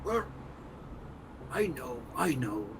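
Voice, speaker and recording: Man playing worried desert creature, pleading, lively swings. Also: medium pitch, slow pace, background noise. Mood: fretful. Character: worried male desert creature named Rock.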